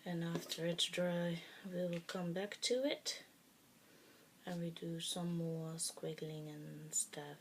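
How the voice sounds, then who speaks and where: Slight background noise accompanies this fairly low, flatly delivered female voice at a slow pace. A native Dutch speaker hosting a craft tutorial, she mutters to herself while working, hesitant and casual, with plenty of fillers.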